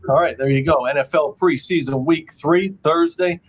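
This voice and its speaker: A man's voice: fairly high pitch, normal speed, husky, low-quality recording. Matter-of-fact man previewing a football season. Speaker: sports betting show co-host. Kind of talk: casual betting talk.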